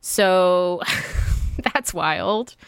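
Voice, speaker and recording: A woman's voice: on the low side, extremely slow, clean tone, no room sound. A woman co-hosting a podcast, chatting casually and laughing often. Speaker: podcast co-host. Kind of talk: casual chat.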